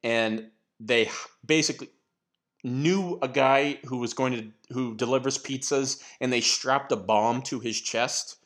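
A man in a casual podcast chat, his voice sitting at an ordinary middle pitch. He rambles through stories, packs his talk with fillers and restarts, and swears offhandedly. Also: a little slow, a bit bright.

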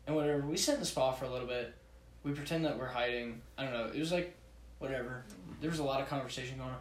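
A young man tells a rambling team-trip story with animated acted-out quotes. His voice sits in the middle range and sounds a little distant from the phone. The room gives it a noticeable echo, with a faint hum of ambience behind. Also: medium pitch, fast talker. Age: young adult. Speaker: baseball player. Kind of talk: casual storytelling chat. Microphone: phone recording app.

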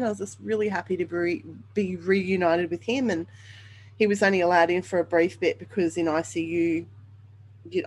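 Woman, podcast host, personal storytelling, candid, lots of fillers, lowish voice. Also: a little hiss or hum, poor audio. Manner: candid, rambling, with many ums and you-knows.

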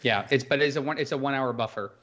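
A man co-hosting a casual podcast, explaining things in a halting way with many restarts. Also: mid-range voice, a bit bright. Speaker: podcast co-host.

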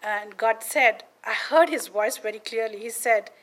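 A woman's voice: on the high side, measured pace, fairly bright tone. A woman from India, preaching a testimony sermon on a podcast and often asking her listeners "Amen?".

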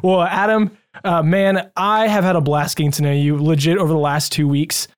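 A male podcast host with a slightly higher-pitched voice, running a loose, friendly interview. He sounds upbeat and chatty and fires off questions with plenty of enthusiasm. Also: flat delivery, moderate pace, clear, resonant tone.

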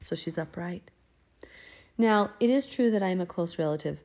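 A woman's voice: medium pitch, big pitch swings, normal speed, darkish tone. A woman leading a casual Bible study, reading verses aloud and then explaining them in a chatty way. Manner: acts out the figures' lines in an everyday voice. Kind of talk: casual scripture reading and commentary.

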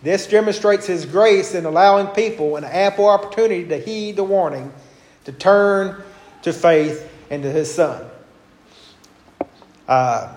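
High-voiced man teaching a Bible class. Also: a little mellow, reverberant. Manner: conversational, with homely anecdotes and hesitations.

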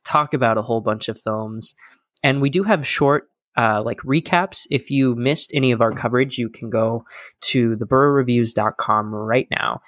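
A man's voice: mid-range voice, a bit bright, no echo, studio quality. A young man hosting a podcast in casual chat, talking loosely with many fillers and joking at himself. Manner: chatty, filler-heavy, self-deprecating. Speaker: podcast host.

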